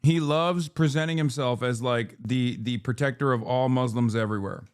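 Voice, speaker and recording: A man's voice: mid-range voice, normal speed, clean tone. A man hosting a stream, giving blunt, profane political commentary in casual chat. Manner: blunt, profane, opinionated, with fillers like "like" and "okay?". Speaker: streamer host.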